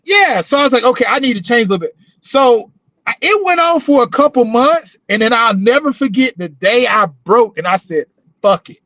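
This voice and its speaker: High-voiced male co-host, rambling and profane, dry dull audio; casual storyteller, prison-work talk. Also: animated, moderate pace, pushed and bright, no room sound. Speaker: podcast co-host, former corrections officer. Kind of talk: casual chat.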